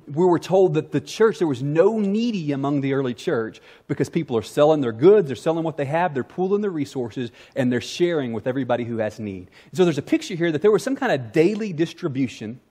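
A man preaching a sermon as pastor, animated and acting out quoted voices. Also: a little high.

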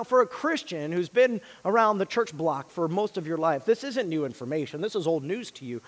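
Guy preaching a sermon, highish voice, goes loud then drops real quiet, big echoey hall. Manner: dynamic delivery, swinging from loud emphasis to hushed near-whispers. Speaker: pastor.

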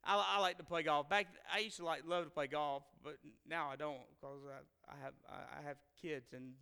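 A man's voice: a little high, steady tone, moderate pace, creaky, bright, forceful tone, clear, resonant tone. A man, telling a self-deprecating personal story to a live audience and acting out the quotes. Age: 40s. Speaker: speaker addressing a live audience. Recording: long hall reverb.

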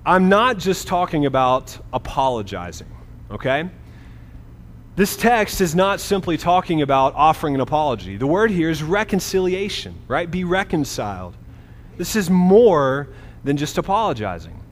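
A middle-aged man preaching a sermon as a pastor, talking to the congregation in a conversational way and often checking in with a quick "right?". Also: fairly high pitch, big pitch swings, a little hiss or hum. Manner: conversational, frequent "right?" asides. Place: church hall. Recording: reverberant hall, faint ambience.

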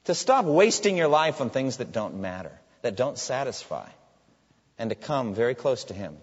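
A man's voice: medium pitch, slightly rough. A man preaching a sermon, reading scripture aloud with emphasis and posing questions to his listeners. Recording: dull sound with long hall reverb.

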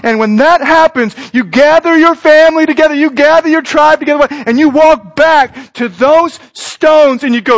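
A man's voice: very high-pitched, moderate pace, few pauses. A man in his thirties, a pastor, preaching a sermon in an earnest, conversational way that speaks straight to his listeners.

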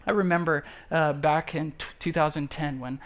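A woman's voice: low voice, steady tone, moderate pace. A woman pastor preaching a sermon in a conversational way, repeating key phrases and checking in with her listeners. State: emotional when recalling loss.

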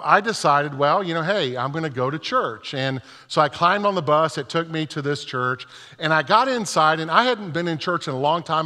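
Bright-voiced pastor telling funny stories. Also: male voice, a little high. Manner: humorous, self-deprecating storytelling. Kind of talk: sermon. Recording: long reverb of a large church hall.

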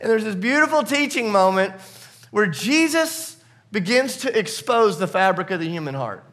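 A male pastor preaching a sermon at a church service, animated and laughing often, with many fillers and repeated words. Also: sits high, normal speed.

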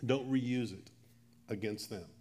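A man's voice: medium pitch, takes it slowly, warm tone. A man, a pastor, preaching a sermon in a conversational way, acting out the Bible characters' lines as he retells the stories. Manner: conversational, acts out Bible dialogue in quoted voices.

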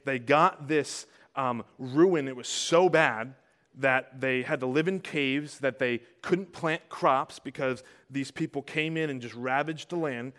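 A man's voice: mid-range voice, fairly bright tone. Man preaching a conversational sermon. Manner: conversational preaching with frequent rhetorical questions; rises in volume when stressing points. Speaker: pastor.

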